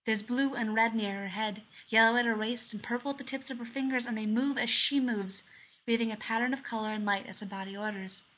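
Woman, fairly high voice, story reading, soft and measured narration. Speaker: fan fiction reader. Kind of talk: scripted narration.

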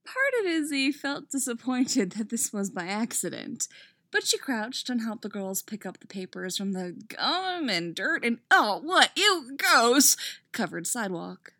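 Reading a romance fan fic aloud with her reactions, this woman keeps interrupting herself with startled asides and swears. Her voice is on the high side at a moderate pace, expressive, and recorded with clean studio sound and no echo.

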